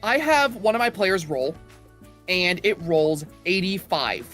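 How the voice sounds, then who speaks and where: A man who runs tabletop games tells a story from one of his sessions in a lively, casual way, building up to each punchline. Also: high voice, measured pace, soft background music. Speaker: tabletop game master. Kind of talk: casual storytelling over voice chat.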